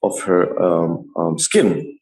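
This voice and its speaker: Lively low-voiced storytelling man. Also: slow, poor audio. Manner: laughs often, lively retelling. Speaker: tattoo artist guest. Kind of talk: animated storytelling.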